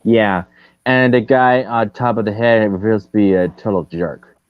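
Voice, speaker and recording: A man hosting a casual chat, speaking haltingly with many pauses. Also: fairly low pitch, fairly even intonation, clean tone. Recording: dry, dull lo-fi mic.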